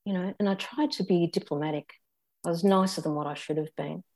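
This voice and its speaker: Older Australian woman, low candid voice. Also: a little mellow. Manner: candid and reflective, halting with restarts. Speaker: interview guest. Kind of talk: personal storytelling.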